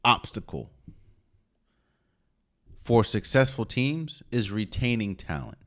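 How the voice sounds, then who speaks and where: A man hosting a solo sports podcast, giving opinionated, emphatic commentary with sudden loud rises and quiet asides. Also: mid-range voice, sing-song, slow pace. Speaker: podcast host.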